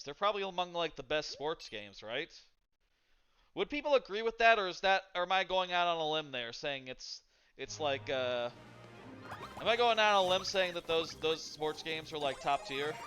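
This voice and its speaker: A man's voice: fairly high pitch, bright, forceful tone. A man streaming a game, rambling casually with lots of fillers while he plays and answers chat. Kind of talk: casual live-stream commentary while gaming.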